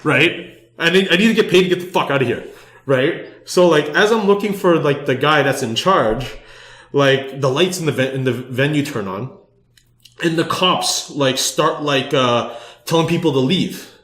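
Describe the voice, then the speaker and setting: A man's voice: a little high, normal speed, fairly bright tone. A man hosting a podcast, telling a story with lots of swearing and filler words. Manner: swears a lot, fills with "like". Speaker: podcast host. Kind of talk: animated storytelling. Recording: echoey room.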